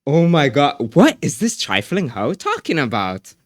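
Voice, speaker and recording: A man's voice: a little high, huge pitch swings, measured pace, no echo, clean studio sound. A young man streaming live, chatting casually in a rambling, slangy way with lots of restarts.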